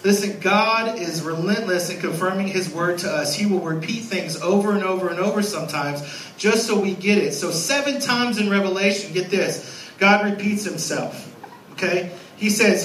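A man in his thirties preaching a sermon as a guest pastor, lively and storytelling, acting out little scenes. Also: sits high, normal speed, echoey room, distant mic, a little hiss or hum, rough recording. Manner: animated, acts out scenes with a raised voice. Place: church sanctuary.

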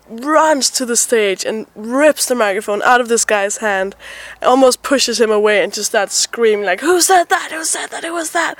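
Animated, higher-voiced woman telling a story. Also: no room sound. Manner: animated storyteller, acts out quotes, laughs often. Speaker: podcast co-host. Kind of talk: casual chat.

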